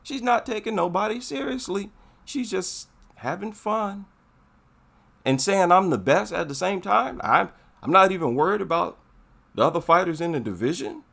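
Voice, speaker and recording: A man's voice: high-pitched, expressive, moderate pace, gravelly, sharp tone. A man giving casual, emphatic commentary, repeating his points for effect. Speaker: MMA commentary vlogger.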